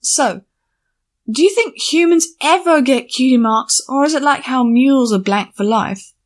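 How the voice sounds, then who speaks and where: A woman's voice: high-pitched, animated, normal speed, pitched above the performer's own voice. Woman voicing a teasing, cheeky young mare. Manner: breezy, teasing, feigned innocence. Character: cheeky playful young mare pony friend. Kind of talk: audiobook character voice.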